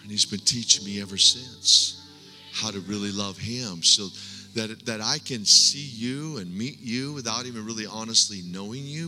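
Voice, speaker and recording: A middle-aged man preaching a sermon with a personal testimony, speaking earnestly with halting restarts and dropping to hushed tones. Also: on the low side. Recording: long hall reverb, faint music.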